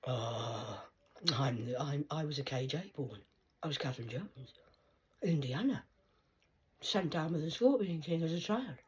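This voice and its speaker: A woman's voice: low voice, lively intonation, measured pace, pauses often, a little hiss or hum. A woman, talking straight to camera in an erratic, rambling monologue that jumps from one idea to the next. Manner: erratic, rambling, jumping between ideas.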